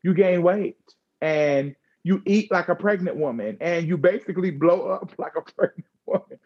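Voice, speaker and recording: A woman talking candidly in a conversational chat, frank and expressive with slangy asides. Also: lowish voice, normal speed, husky, muffled recording.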